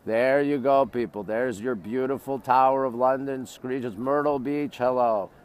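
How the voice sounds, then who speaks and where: A man's voice: medium pitch, fairly even intonation, normal speed, a little mellow, smooth. A man hosting a phone livestream outdoors on a riverbank, greeting viewers by their home towns and pointing out the sights around him. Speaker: livestream host. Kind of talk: live streaming tour.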